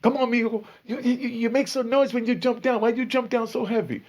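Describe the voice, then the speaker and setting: A man's voice: very high voice, brisk, darkish tone, voice pushed up. A man voicing a fussy, complaining male inmate who speaks broken English with a Spanish accent. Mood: whiny. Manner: whiny, complaining. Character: petty, fussy male inmate nagging cellmate.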